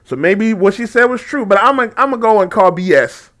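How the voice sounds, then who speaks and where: A man's voice: high voice, lively intonation, fast talker, fairly bright tone. A man giving casual reaction commentary on a video, mocking and laughing often, with frequent swearing.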